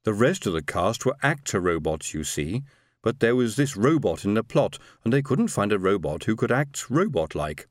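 A man's voice: fairly low pitch, sing-song, normal speed, dry recording, clean studio sound. A man voicing a large, easygoing female alien who rambles on in a story reading. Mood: chatty.

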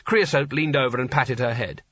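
A man reading a story aloud as an audiobook narrator, in a dry, even storytelling manner. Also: mid-range voice, moderate pace, no room sound. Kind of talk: scripted narration. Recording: slightly dull lo-fi recording.

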